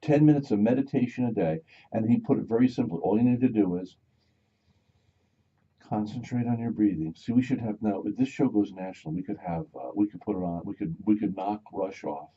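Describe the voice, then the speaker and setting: Rambling male radio host, dark tone. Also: fairly low pitch, fairly quick, breathy edge. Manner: rambling, digressive, repeats himself. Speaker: radio talk show host. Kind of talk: casual talk radio chat. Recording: dull lo-fi radio studio sound.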